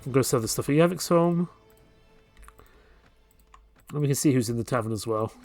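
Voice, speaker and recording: A man hosting a let's play, talking through his game in a laid-back, thinking-aloud way. His voice sits at an ordinary middle pitch. Faint game music plays behind him. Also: normal speed. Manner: relaxed, thinking aloud while playing. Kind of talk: casual gameplay commentary.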